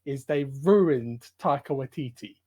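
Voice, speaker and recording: A man's voice: medium pitch, lively intonation, measured pace, dark tone, breathy edge. A young man co-hosting a podcast, talking emphatically and ranting with plenty of swearing. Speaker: podcast co-host. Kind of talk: casual chat.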